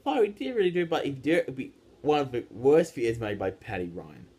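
A man's voice: mid-range voice, wildly swooping pitch, fast, warm tone, breathy edge. A teenage boy ranting casually to his viewers, rambling with frequent restarts and repeated words. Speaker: YouTube ranter. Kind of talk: casual rant vlog.

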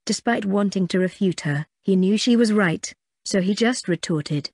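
A woman reads an audiobook in a steady, even manner, her mid-range voice moving at a moderate pace. It's scripted narration captured dry and clean in a studio.

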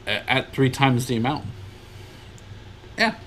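A man co-hosting a casual podcast, talking in quick, lively, rambling bursts. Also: medium pitch, slight background noise. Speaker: podcast co-host.

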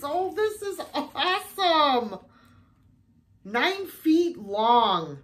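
A woman's voice: mid-range voice, expressive, slow pace, long pauses, a bit bright. A middle-aged American woman chatting casually in a vlog, gushing and exclaiming over each thrift find. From United States. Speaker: thrift haul vlogger.

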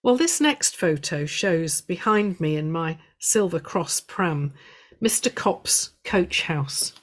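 A woman giving a prepared illustrated talk to a local history society, telling stories in a measured way with gentle humour. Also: lowish voice, animated.

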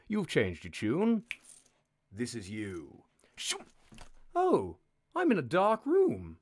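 A man's voice: medium pitch, huge pitch swings, slow, pauses often. A man hosting a live text adventure game, narrating in a sardonic, mock-menacing, sweary way.

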